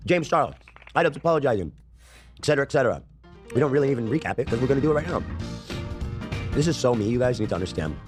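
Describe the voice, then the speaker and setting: Man, fast talker, sick, brash, joking, profane, music in the background. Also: mid-range voice, sing-song. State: sick, coughing. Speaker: podcast host. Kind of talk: casual podcast banter.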